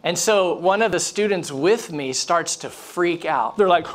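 A man preaching a sermon, telling a story with animation, acting out the people in it and dropping to a hush at times. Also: high-pitched, measured pace. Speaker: pastor. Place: church.

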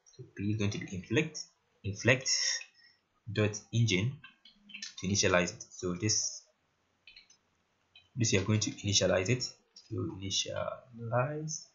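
A man's voice: on the low side, normal speed, pauses often. A man talking through a screen-recorded coding tutorial in a casual way, often asking "right?" while he works. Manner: casual, repeats "right?" and "very interesting". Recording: lo-fi muffled mic. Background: keyboard typing and clicks.

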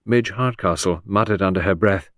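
A man's voice: low voice, moderate pace, a bit bright, no room sound, clean studio sound. A man reading a classic detective novel aloud as an audiobook narrator, giving the characters' lines small shifts of voice. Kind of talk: scripted narration.

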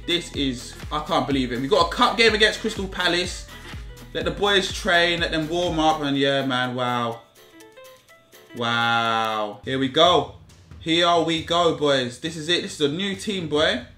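A young man commentating live on his own football game, repeating himself and shouting in frustration at his players. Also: a little high, reverberant. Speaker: gaming YouTuber.

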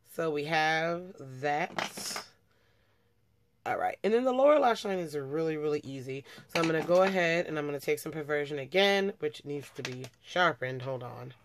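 Her voice sits low, with lively intonation and a normal speaking speed, over a little hiss or hum. The young beauty vlogger chats casually through her makeup routine, talking while she works and frequently fixing what she just said.

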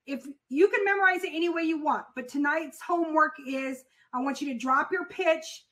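A woman with a high, bright, sharp-edged voice teaches a casual class on phone sales. She talks straight to her students, repeats her main points and leans on fillers as she explains. Her tone stays conversational and instructive. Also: normal speed, poor audio. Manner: conversational, addresses the class directly. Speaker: sales coach for freight brokers. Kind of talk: casual spoken lesson.

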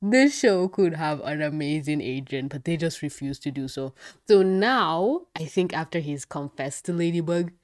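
Excitable woman reviewing a cartoon episode. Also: low-pitched, moderate pace. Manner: excitable, swearing, laughing often. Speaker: show reviewer. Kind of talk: casual episode reaction review.

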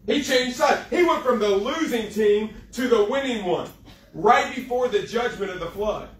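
High-voiced preacher in an echoey hall. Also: male voice, lively intonation, recorded from a distance. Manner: folksy, joking, preaching with dramatic slow emphasis. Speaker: youth pastor. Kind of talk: sermon. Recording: echoey room, speaker away from mic.

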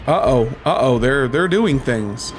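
Taunting gamer man, lively swings in pitch. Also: a little slow, music in the background. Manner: taunting, trash-talking opponents with profanity. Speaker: gaming streamer. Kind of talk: live gameplay commentary.

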